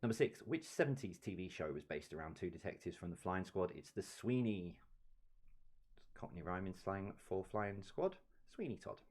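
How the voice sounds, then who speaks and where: A man with a deep, low voice works through a quiz round by round. He reads each question, gives the answer, and now and then drops in a relaxed aside. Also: moderate pace. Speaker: quiz host. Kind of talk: live-streamed pub quiz answer reading.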